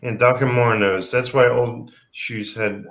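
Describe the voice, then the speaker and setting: A man's voice: medium pitch, fairly even intonation, vocal fry, fairly bright tone. A man co-hosting a casual chat, adding brief remarks and jokes. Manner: slow, brief interjections.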